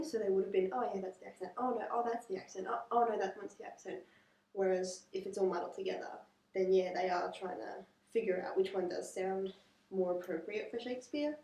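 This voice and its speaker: A woman's voice: lowish voice, darkish tone. An Australian actress chatting casually about her role, joking and using lots of fillers. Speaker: actor. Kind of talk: casual interview. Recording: roomy, distant camera mic.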